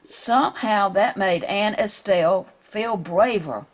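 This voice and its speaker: Reading slowly in a mid-range voice, a woman shares a picture book aloud with children and stops gently now and then to ask them questions.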